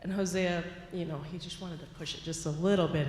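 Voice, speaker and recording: A woman minister telling a story in a sermon, playful and animated, in a church sanctuary. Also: on the low side, fast, slight background noise. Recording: echoey hall with long reverb, faint ambience.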